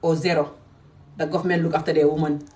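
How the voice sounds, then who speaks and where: A woman's voice: low voice, level tone, quick pace, darkish tone, distant mic. A woman from Gambia, talking straight to camera in a passionate, scolding rant. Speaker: vlogger.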